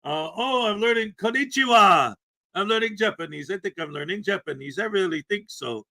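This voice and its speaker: A man from Canada hosting a casual morning livestream, greeting viewers by name with loud, upbeat enthusiasm and a slightly rough throat. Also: sits high, animated, a little fast. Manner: upbeat, greeting chat names with shouted enthusiasm. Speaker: livestream host.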